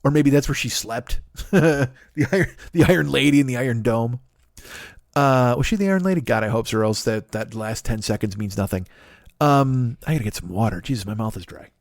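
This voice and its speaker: A man in his forties, host of a comedy podcast, rambling through a profane, animated monologue with lots of asides. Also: mid-range voice, a little fast, no room sound, studio quality. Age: 40s.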